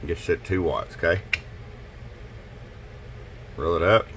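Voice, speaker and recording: Slightly hoarse man with a really low voice, folksy casual demo talk at a radio bench, faint noise behind. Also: steady tone, takes it slowly. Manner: casual, folksy, drops in "okay?" and "uh". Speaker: CB radio shop technician. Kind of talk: casual product demo narration.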